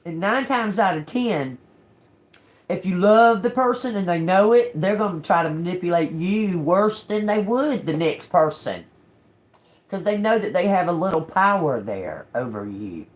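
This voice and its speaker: Her voice sits on the low side, animated but measured in pace, as she does a casual tarot reading for viewers. The reader is blunt and emphatic, cursing freely and frequently checking in with "okay?"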